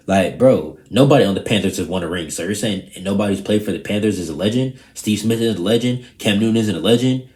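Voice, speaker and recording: A young man, casually vlogging in a loose, rambling, profane way that turns animated when he retells a story. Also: lowish voice, fast, few pauses, roomy sound. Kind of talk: casual vlog chat.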